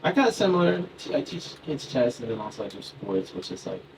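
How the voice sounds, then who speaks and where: Stand-up comic, man in his thirties, lively and chatty; distant mic, club noise. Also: medium pitch, brisk. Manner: loose, chatty, laughs into his lines, talks with the crowd. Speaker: stand-up comedian. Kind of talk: stand-up comedy set. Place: comedy club stage.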